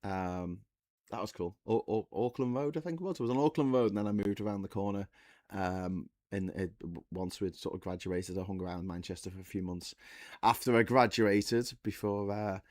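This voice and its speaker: A man's voice: on the low side, normal speed, dry recording, clean studio sound. Sweary rambling man. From Liverpool, England. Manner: rambling, sweary, stammering restarts. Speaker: host. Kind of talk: casual live chat show.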